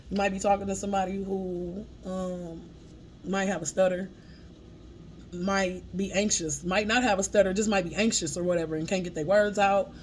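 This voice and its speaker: A woman's voice: mid-range voice, a little hiss or hum. Casual laughing woman medium reading messages. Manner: informal, frequent laughter, swears casually, talks through her notes. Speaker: spiritual medium sharing channeled messages.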